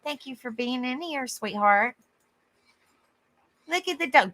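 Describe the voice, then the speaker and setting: A woman's voice: high-pitched, animated, a little slow, long pauses, bright, forceful tone. A woman hosting a casual live stream, affectionate with viewers, exclaiming often and laughing easily. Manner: affectionate, calls viewers honey and sweetheart.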